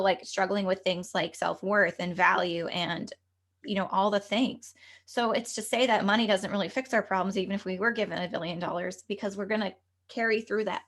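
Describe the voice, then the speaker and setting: A woman's voice: medium pitch, a bit bright. A young adult woman, a medium and coach, speaking as a podcast guest in an earnest, flowing way with many fillers. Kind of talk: casual interview talk.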